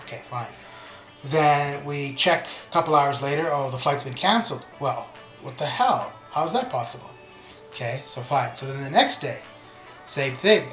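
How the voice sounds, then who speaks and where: With stream background music playing in a roomy recording, a man chats casually while streaming a game, rambling through stories and often restarting. His voice is fairly high, a bit bright, at a moderate pace.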